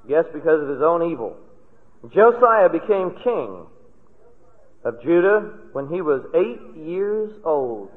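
An older man preaching a sermon, telling folksy personal stories and rising to emphatic stresses on key words. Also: on the high side. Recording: tinny lo-fi recording in a reverberant hall.

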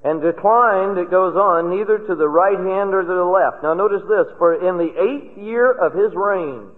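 A man's voice: sits high, moderate pace. An older man preaching a sermon, telling folksy personal stories and rising to emphatic stresses on key words. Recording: tinny lo-fi recording in a reverberant hall.

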